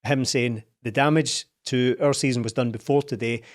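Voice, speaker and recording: A man's voice: medium pitch, steady tone, normal speed. A man in casual football podcast chat, wry and incredulous as he tells stories. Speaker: podcast co-host.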